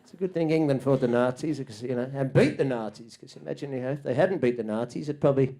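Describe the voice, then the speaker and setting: A man's stand-up set in a small club: he rants and curses in astonishment, abruptly shouting loud and high to act out others, all at a quick pace.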